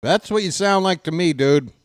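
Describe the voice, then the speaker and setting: A man's voice: high voice, expressive, moderate pace, dry recording. A man ranting sarcastically and with exasperation as a fan commentator, in casual live baseball talk on a close desk mic.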